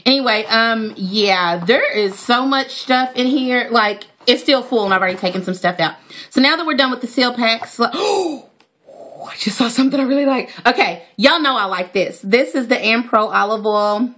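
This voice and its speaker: A woman chatting excitedly to her viewers as she unboxes hair products in a casual vlog. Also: fairly high pitch, normal speed. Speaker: natural hair vlogger.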